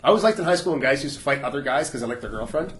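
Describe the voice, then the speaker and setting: Fast-talking man, laughing stories. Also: mid-range voice, animated, fairly bright tone, roomy sound. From Canada. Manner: profane, laughs through his stories. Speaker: podcast guest, former fighter and prison guard. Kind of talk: casual storytelling.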